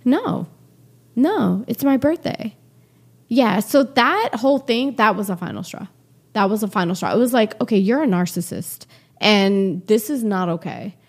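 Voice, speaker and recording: A woman in her forties, a podcast guest telling her own story candidly, lively and acting out the quoted exchanges. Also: medium pitch, moderate pace. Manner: animated, acts out quoted exchanges with laughs.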